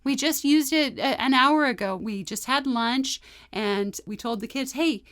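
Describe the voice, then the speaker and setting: A woman's voice: high-pitched, measured pace, a bit bright. A woman co-hosting a casual parenting podcast, laughing often and finishing her partner's sentences. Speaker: podcast co-host.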